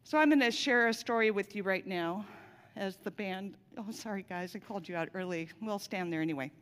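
A woman's voice: medium pitch, brisk, clear, resonant tone. Woman preaching in a reverberant church. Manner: warm storytelling, conversational asides. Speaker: pastor. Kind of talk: sermon. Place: church sanctuary. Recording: long reverb of a large church hall.

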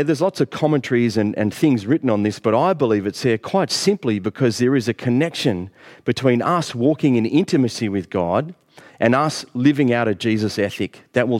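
A man's voice: mid-range voice, expressive, normal speed, a little mellow. Earnest male pastor preaching. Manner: earnest, rising emphasis on key phrases. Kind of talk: sermon.

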